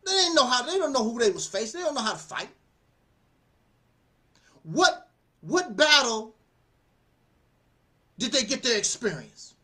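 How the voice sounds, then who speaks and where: A male channel host offers casual commentary in a very high-pitched voice, speaking unhurriedly with frequent pauses. He's animated and preachy, laughing often and repeating phrases.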